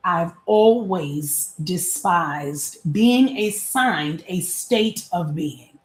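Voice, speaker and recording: Brief: a chatty, candid woman in her forties, lowish voice, recorded in an echoey room. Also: lively intonation, drawn-out words, hardly any pauses. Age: 40s. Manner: candid, chatty, laughs often, casual slang. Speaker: vlogger. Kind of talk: personal reflective monologue.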